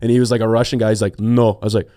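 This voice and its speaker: A man's voice: on the low side, level tone, very fast, mellow, no room sound, studio quality. A man from Ohio hosting a podcast, telling a story in casual chat, acting out the people in it and laughing often. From Ohio, USA. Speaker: podcast host.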